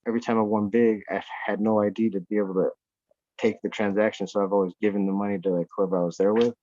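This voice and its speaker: Profane, excitable male guest, slightly low voice, muffled remote-call audio. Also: fast, dry recording. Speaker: podcast guest. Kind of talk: casual chat. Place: off-grid homestead at night.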